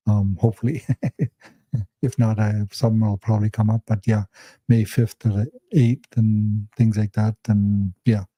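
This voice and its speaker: A man's voice: fairly low pitch, unhurried, dry recording. A man organizing a workshop, speaking hesitantly with lots of fillers in casual live-stream chat. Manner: hesitant, filler-heavy, flat delivery.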